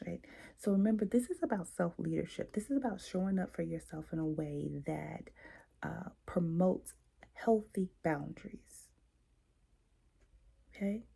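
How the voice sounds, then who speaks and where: A woman's voice: on the low side, unhurried, vocal fry, breathy edge. A woman hosting a self-help talk, coaching listeners and acting out little example exchanges. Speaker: host and coach. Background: quiet, late at night.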